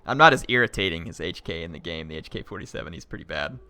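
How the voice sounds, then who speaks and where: A man live-streaming a strategy game, excitably yelling orders at his units and chatting with viewers. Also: low voice, quick pace.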